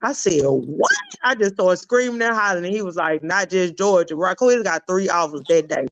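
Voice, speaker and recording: A woman, the guest and a player's mother, telling animated stories in a casual interview. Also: fairly low pitch, brisk, no echo, muffled recording. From Alabama. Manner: animated, chatty storytelling.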